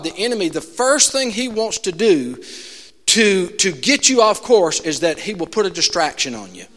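Man, pastor, sermon, high voice, animated, loud to hushed, long church reverb. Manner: animated preaching, shifting from loud exclamations to hushed asides.

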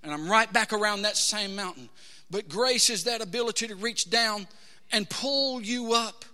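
High, bright-voiced preacher man. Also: normal speed. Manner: passionate storytelling preacher, swings from hushed to shouting. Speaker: pastor. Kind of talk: sermon. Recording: hall reverb.

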